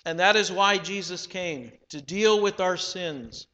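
Male preacher, high bright voice, slow deliberate delivery, echoing hall. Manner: measured, emphatic preaching with slowed phrases. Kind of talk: sermon. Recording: long hall reverb.

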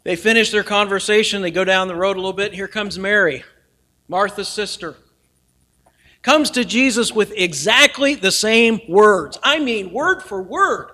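A man preaching a sermon earnestly, swinging from loud emphasis down to near-whispers. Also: high-pitched, a little slow. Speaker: pastor.

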